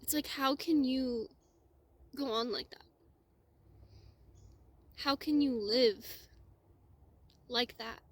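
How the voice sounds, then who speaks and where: A woman speaking in a heartfelt personal monologue, close to tears, her voice sometimes dropping to a soft whisper. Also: sits high, slow pace, pauses often. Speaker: spiritual vlogger.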